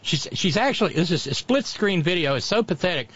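A man's voice: sits high, lively intonation, fairly quick, fairly bright tone, highs cut off. A man hosting a podcast, giving sarcastic, mocking commentary in casual chat. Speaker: podcast host.

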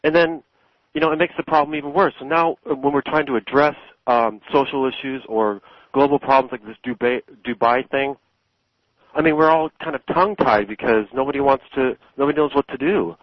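A man's voice: mid-range voice, brisk, no echo, highs cut off. A man calling in to a talk radio show, hesitating and searching for his words. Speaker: caller. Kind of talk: call-in conversation.

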